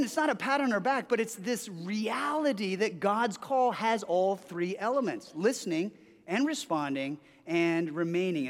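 High-voiced pastor in an echoing hall. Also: male voice. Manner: animated storytelling with frequent restarts and repeated words. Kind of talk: sermon. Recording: long hall reverb.

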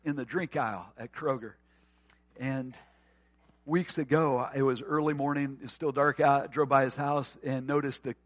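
Pastor guy preaching, earnest, goes soft then punchy, middle pitch, dry sound. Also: no room sound. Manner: earnest, quiet and tender at times, rising to forceful emphasis. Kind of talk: sermon.

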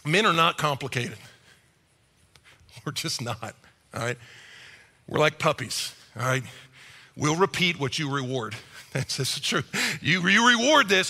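A middle-aged male pastor preaching a sermon in a church, animated and acting out quick quoted voices. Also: fairly high pitch. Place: church auditorium. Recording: reverberant church hall.

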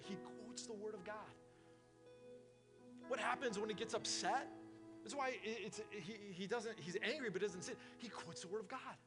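A man's voice: high-pitched, moderate pace, music in the background. A man preaching a sermon in a casual, conversational way, full of fillers, in a church service held in a warehouse. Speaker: pastor.

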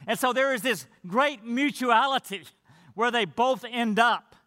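A man delivers a sermon from the pulpit in a high, bright voice. He reads scripture and drives his points home through earnest, emphatic repetition. The sound carries the long reverb of a church hall. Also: measured pace. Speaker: pastor. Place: church sanctuary.

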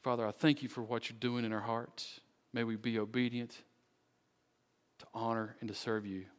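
Male pastor, sermon, earnest pleading delivery, mid-pitched voice, long church reverb. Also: little pitch movement, clean tone. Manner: earnest, pleading, slow deliberate phrasing. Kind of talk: sermon closing and prayer. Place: church sanctuary.

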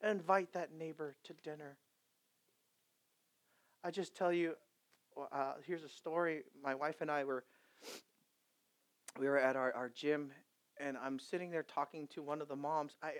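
Delivering a sermon to his congregation, a male pastor with a slightly high voice speaks unhurriedly and pauses often. His delivery alternates between loud, passionate urging and hushed, chatty storytelling with asides.

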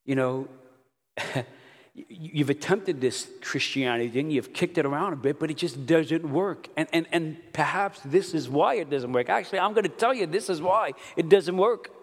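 A man preaching a sermon, animated, telling stories and breaking into loud outbursts. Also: on the high side, normal speed. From Brooklyn, New York. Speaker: pastor. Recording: long hall reverb.

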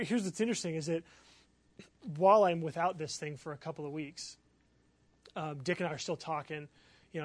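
A man preaching as a pastor, telling a personal story in an animated, excitable way with many fillers. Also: sits high, dry recording. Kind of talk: sermon storytelling.

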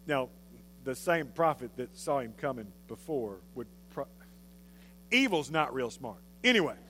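A male pastor giving a sermon, telling a story in an animated, conversational way. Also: mid-range voice, a little slow, slight background noise.

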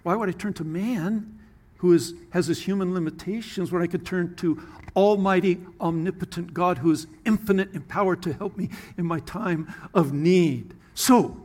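A man preaching a sermon as pastor, earnest, with sudden drops into soft, hushed asides. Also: high voice, normal speed.

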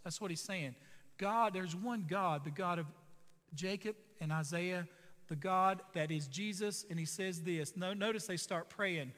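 Bright, high-voiced man preaching in a hall. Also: a little slow. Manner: emphatic, repetitive preaching. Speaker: pastor. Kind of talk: sermon.

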